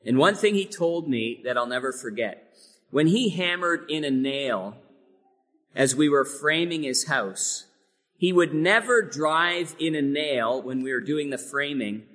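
A man's voice: on the high side, expressive, measured pace, fairly bright tone. A man preaching a sermon, earnest and building to emphatic peaks on key phrases. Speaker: pastor. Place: church sanctuary. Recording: long hall reverb.

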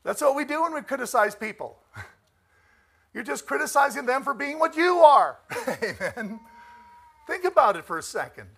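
High-voiced preacher calling out for amens. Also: male voice, very animated, moderate pace, vocal fry, slightly rough. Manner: emphatic, rising to near shouts on key phrases; asks the congregation for amens. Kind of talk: sermon.

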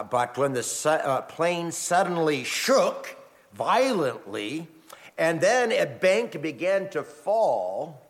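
Animated male pastor preaching in reverberant church. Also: a little high. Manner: animated storytelling with emphatic rises. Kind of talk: sermon with scripture reading. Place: church sanctuary.

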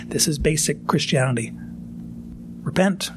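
A man's voice: on the high side, measured pace, background noise. A pastor giving a sermon in an earnest, plain-spoken way, now and then acting out the voices he quotes.

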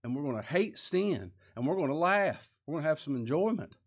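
A man's voice: fairly high pitch, very animated, a little fast. A man preaching a sermon, earnest and emphatic, with many rhetorical questions.

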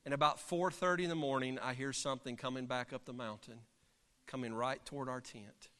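A man, a pastor, preaching and telling a story from the pulpit in an animated, dramatic way, heard in a church sanctuary. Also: medium pitch, a little fast. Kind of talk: sermon storytelling. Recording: long reverb of a large hall.

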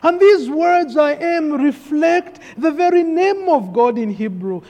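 A man's voice: very high-pitched, animated, a little slow, few pauses, warm tone, highs cut off. A man preaching a sermon, emphatic and repeating key phrases for weight. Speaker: pastor. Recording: long hall reverb.

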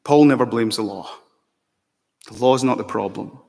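A man's voice: medium pitch, normal speed, darkish tone. A man preaching a sermon as pastor, earnest, asking the congregation pointed rhetorical questions. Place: church. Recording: long church reverb.

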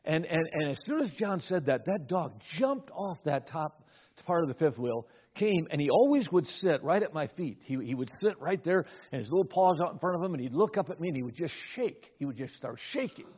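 A middle-aged man delivers a sermon, his husky voice sitting a bit high for a man. He tells a personal story, often repeating words as he starts a thought. The recording sounds dull and lo-fi. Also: sing-song, a little fast. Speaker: pastor.

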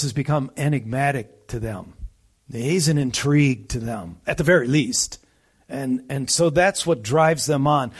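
A man delivers a conversational sermon, explaining scripture verse by verse. His voice sits a little high for a man. He leans hard on the key points and keeps checking in with his listeners through rhetorical questions. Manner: emphatic, with rhetorical asides to the listeners. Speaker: preacher teaching a Bible passage.

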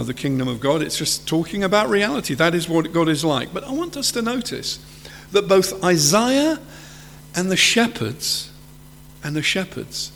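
Preacher, male, high voice, earnest sermon, recorded in a reverberant hall. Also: vocal fry, fairly bright tone, slight background noise. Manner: earnest, rises high to act out quoted fear.

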